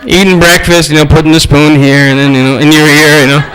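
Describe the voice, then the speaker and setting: A man's voice: a little high, fast, low-quality recording. A man lecturing a workshop, telling humorous stories, acting out voices and swearing casually as he speaks to the audience. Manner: animated storytelling, acts out voices, casual swearing; addresses the audience directly. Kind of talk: humorous teaching anecdotes.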